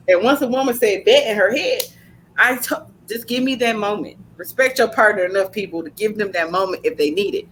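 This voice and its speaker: A woman's voice: medium pitch, brisk, slight background noise. Brassy-toned woman hosting a podcast, blunt. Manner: blunt, animated storytelling with slang. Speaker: podcast host. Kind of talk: casual podcast chat.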